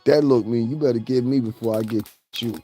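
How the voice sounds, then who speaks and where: Male gossip vlogger with a mellow voice, mocking and ranting, laughs at his own jokes. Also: mid-range voice, a little fast, husky, faint music behind. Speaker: celebrity gossip commentator. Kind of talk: profane ranting commentary.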